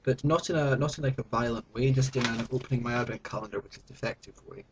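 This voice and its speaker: A man's voice: medium pitch, fast, husky. A young British man talking to camera at home in a rambling, self-mocking, mock-dramatic way. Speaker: vlogger. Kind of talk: casual chat to camera.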